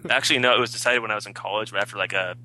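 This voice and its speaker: A man chatting on a podcast, rambling from one thought to the next and cursing casually. His voice is quick and bright, with a faint hiss of noise behind it. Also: on the low side, steady tone, low-quality recording. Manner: rambling, swears freely.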